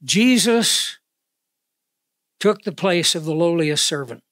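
A man preaching a sermon in an earnest way, slowing down to stress key words, speaking into a clip-on microphone. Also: a little high, lively intonation, fairly bright tone, no room sound, clean studio sound. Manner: earnest, with slow emphatic pauses on key words. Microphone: wearing a clip-on microphone.

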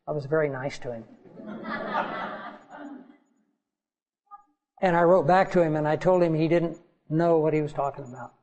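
A man's voice: high-pitched, darkish tone, low-quality recording. A man preaching a sermon as pastor, earnest and pleading with his congregation.

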